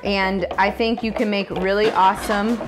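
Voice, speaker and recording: Bubbly thirties mom vlogger, mid-pitched, upbeat home review, music bed. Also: female voice, flat delivery, moderate pace. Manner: bubbly, enthusiastic, laughing often. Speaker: vlogger and mother. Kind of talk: casual product review vlog.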